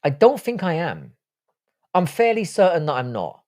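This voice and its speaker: A man's voice: a little high, huge pitch swings, normal speed, darkish tone. A man hosting a casual live stream, reading out viewer chat and answering it with loose, profane talk. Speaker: livestream host.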